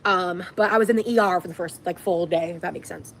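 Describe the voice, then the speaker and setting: A woman's voice: fairly low pitch, fast talker, a bit bright, slight background noise. A woman telling a personal story in a casual, rambling way, with lots of fillers. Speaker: vlogger.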